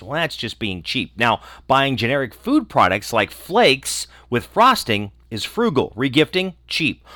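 A man hosting an entertainment news segment, running through short items in a brisk, informal way with offhand asides. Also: mid-range voice, bright, forceful tone, dry recording, studio quality.

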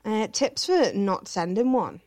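A woman's voice: mid-range voice, sing-song, a little slow, darkish tone. A woman co-hosting a casual chat podcast, reading out listener questions and answering them frankly with plenty of swearing and filler words.

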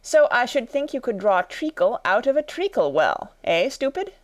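A woman's voice: on the high side, sing-song, moderate pace, pitched above the performer's own voice. A woman voicing a rude, mocking man at a tea party, smug and needling, in a storybook reading. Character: rude, mocking male hatter.

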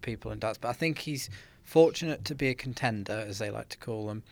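Gravelly man, hesitant pundit. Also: fairly low pitch, brisk. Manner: hesitant, restarts, laughs along. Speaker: darts pundit. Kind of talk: casual podcast chat.

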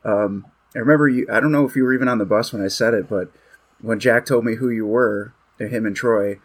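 A man with a fairly low voice hosts a relaxed interview. He talks like an eager fan, loose and chatty, with plenty of filler words. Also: a little fast. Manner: enthusiastic fan, many "like" fillers. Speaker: podcast host. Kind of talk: casual interview chat.

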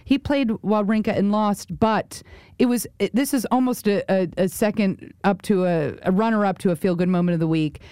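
Woman co-host, chatty and animated storyteller, dry close sound. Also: medium pitch, clear, resonant tone, no room sound. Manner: animated storyteller, quick asides, repeats words. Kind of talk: casual chat.

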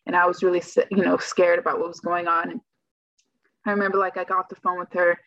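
A young woman with a low voice tells her story in a loose, chatty way and keeps playing out her own reactions. The sound is dull and lo-fi. The room adds no echo. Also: level tone, fast talker, a bit bright. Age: young adult. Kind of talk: casual personal storytelling. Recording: dull lo-fi dry recording.

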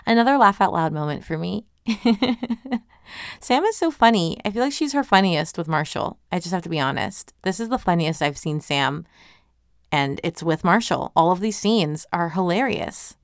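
A woman chatting casually through a recap of a webcomic episode, enthusiastic and quick to laugh. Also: lowish voice, expressive, dry recording, studio quality.

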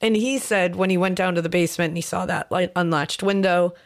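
A woman's voice: fairly low pitch, fairly even intonation, brisk. A woman co-hosting a podcast, casually walking her co-host through the details of a crime case with lots of fillers. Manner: storytelling, filler-heavy, recounts case details. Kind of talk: casual true-crime chat.

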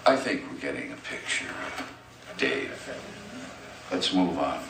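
An actor playing a calm, pressing male therapist who needles a patient in a group session, heard as film audio. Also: rumbling low, takes it slowly, creaky, background noise, full character voice. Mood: needling. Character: probing, unflappable male therapist leading a group. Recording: distant film audio with music and echo.

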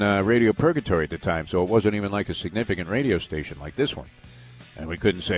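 A man's voice: fairly low pitch, sing-song, quick pace, faint music behind. A man hosting a sports radio show, telling long rambling stories with lots of fillers and restarts. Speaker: radio sports talk host. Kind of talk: casual storytelling on sports radio.

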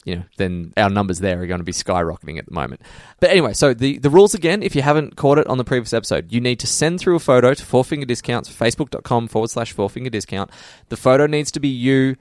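A man's voice: mid-range voice, animated, fast, hardly any pauses, dry recording, clean studio sound. A man co-hosting a podcast, chatting casually and cutting in with live baseball scores. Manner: jokey, breaks off to give live baseball scores. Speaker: podcast co-host. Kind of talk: casual chat.

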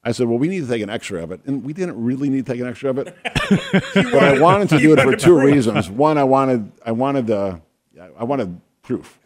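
A man co-hosting a talk show, chatting casually and telling a funny anecdote with deadpan humor. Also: medium pitch, brisk, crowd noise. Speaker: podcast co-host, doctor. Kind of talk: casual chat, storytelling.

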